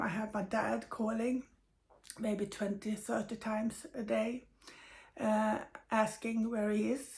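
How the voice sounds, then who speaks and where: A middle-aged woman telling a personal story of loss, tired and emotional, speaking haltingly with many pauses. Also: a little high, vocal fry. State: tired and grieving. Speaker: medium sharing personal news.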